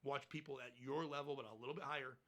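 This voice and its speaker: A man's voice: mid-range voice, fairly even intonation, fast talker, a bit bright. A man, a stand-up comedian, talking bluntly and profanely in a casual podcast interview.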